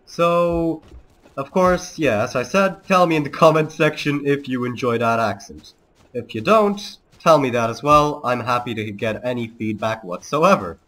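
A man's voice: medium pitch, expressive, normal speed, a bit bright. A man with a put-on Serbian accent, a let's play host giving mock-solemn, declamatory gameplay commentary.

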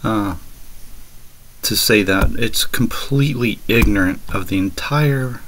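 Slow low-voiced man reading scripture. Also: a bit bright, poor audio. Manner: slow deliberate reading of King James verses; scornful toward the clip. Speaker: commentator reacting to a sermon clip.

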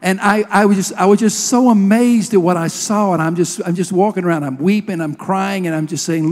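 High-voiced preacher in a reverberant hall. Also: male voice, a little fast, few pauses, darkish tone. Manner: storytelling, emotional. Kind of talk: sermon.

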